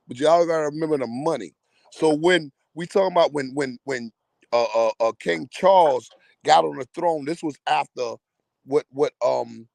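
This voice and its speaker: A man's voice: a little high, gravelly, dry recording. A man co-hosting a casual group discussion, talking in a rambling, slangy way and often repeating words. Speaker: podcast co-host.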